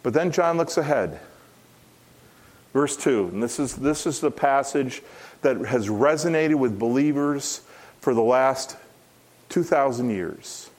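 A middle-aged pastor, a little mellow in tone, preaches an expository sermon with lively intonation, an unhurried pace and frequent pauses. He's earnest and emphatic, repeating key phrases and going up in pitch to stress a point.

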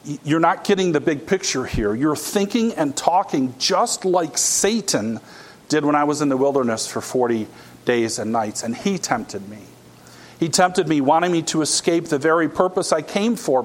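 A man preaching a conversational sermon, explaining a scripture passage and acting out quoted dialogue. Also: mid-range voice. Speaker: pastor.

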